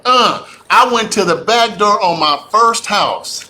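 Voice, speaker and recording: This real estate investor speaker has a high voice and takes it slowly, with hardly any pauses, against slight background noise. The man's livestream talk about real estate is fired-up and preachy, and he animatedly calls out to his audience as "y'all."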